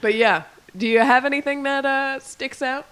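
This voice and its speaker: A man hosting a casual chat, reacting quickly, laughing, and asking follow-up questions. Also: very high-pitched, steady tone, a bit bright, rough recording. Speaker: podcast host.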